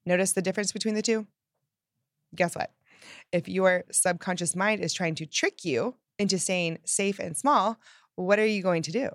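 A woman giving an upbeat motivational self-help talk, emphatic and lively, acting out the phrases she quotes. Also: medium pitch, normal speed, no room sound, clean studio sound. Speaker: self-help podcast host.

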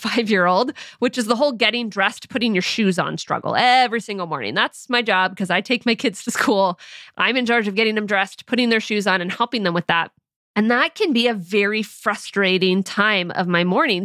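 A woman's voice: mid-range voice, dry recording, clean studio sound. A woman in her thirties hosting a podcast, talking casually with filler words and light laughs. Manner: conversational, with filler words like "you know" and frequent soft laughs. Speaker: podcast host.

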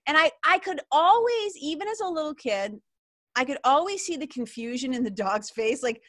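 Hosting her interview podcast, this woman chats casually in an effusive, wandering manner and keeps restarting her thoughts. Her voice sits high and sounds animated and fairly bright, at a normal speed. The recording is dry.

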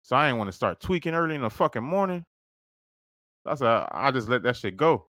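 A man's voice: medium pitch, big pitch swings, brisk, a bit bright, no room sound, studio quality. A man hosting a podcast, telling a story casually and profanely, acting out quoted dialogue. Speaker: podcast host.

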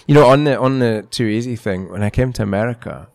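A man hosting a podcast in casual interview chat, playful and teasing and quick to laugh. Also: medium pitch, gravelly, a little mellow. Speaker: podcast host.

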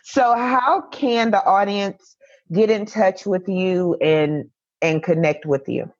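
A woman hosts a podcast in a casual interview chat, asking encouraging questions and wrapping up with a signature sign-off. She has a mid-range voice and a slow pace, with dull audio.

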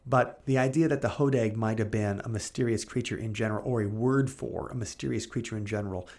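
A man co-hosting a podcast, reading old newspaper clippings aloud in a brisk, animated way and chatting loosely in between. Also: fairly low pitch, no echo. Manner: reads quotes in a brisk, animated way, then chats loosely. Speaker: podcast co-host.

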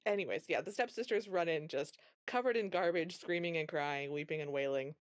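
A woman's voice: low-pitched, a little fast. A woman co-hosting a podcast, casually recapping a film and acting out the characters' lines as she tells it. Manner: animated storytelling, acting out quotes. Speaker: podcast co-host.

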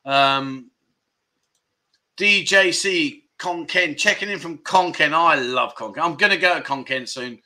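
A man with a bright, forceful, slightly high voice hosts a relaxed livestream. He greets viewers by name in a cheerful, chatty way and chuckles between comments. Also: a little slow. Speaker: livestream host. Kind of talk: casual livestream chat reading comments.

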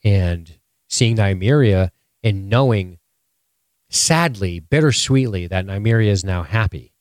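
A man co-hosting a casual live-streamed show recap, talking excitably and swearing often. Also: lowish voice, unhurried, no echo, clean studio sound. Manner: profane, excitable, animated. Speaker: podcast co-host.

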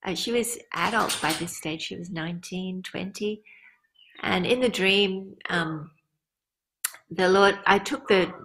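A woman's voice: medium pitch, fairly bright tone, husky, rough recording. A middle-aged woman pastor giving an earnest personal testimony with prayerful asides in a conference question-and-answer session. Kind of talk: conference Q and A teaching.

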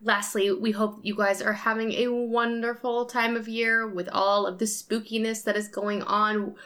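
A woman's voice: on the high side, level tone, moderate pace. A woman hosting a tabletop podcast, giving an upbeat scripted intro and ad read. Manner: warm, upbeat address to listeners. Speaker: podcast host.

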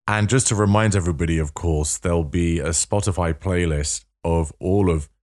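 A man's voice: sits low, normal speed, darkish tone. Wry North London man hosting. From England. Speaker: podcast host. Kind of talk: podcast interview.

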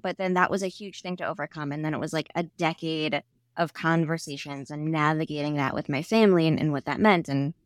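A woman's voice: sits low, fairly quick, no room sound, studio quality. A nonbinary podcast guest with a female-sounding voice, young adult, speaking thoughtfully and unhurriedly with frequent "like" fillers. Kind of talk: reflective interview conversation.

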